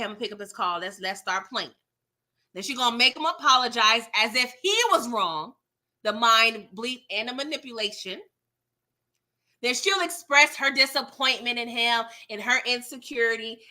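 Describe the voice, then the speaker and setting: A woman's voice: on the high side, sharp tone. A woman giving a chatty, exasperated recap of a TV episode, laughing at scenes and greeting her viewers by name. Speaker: TV episode reviewer. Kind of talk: casual recap commentary.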